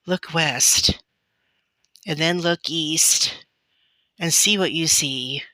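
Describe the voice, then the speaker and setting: A woman voicing a stern, calm pioneer father in a storybook reading. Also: low-pitched, extremely slow, dry recording, heavily acted. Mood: steady. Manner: stern, firm.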